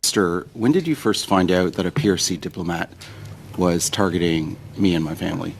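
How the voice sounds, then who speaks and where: A man's voice: low voice, a little fast, vocal fry, a little hiss or hum. A man questioning a minister at a parliamentary hearing, pressing and insistent. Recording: archive clip with faint room ambience.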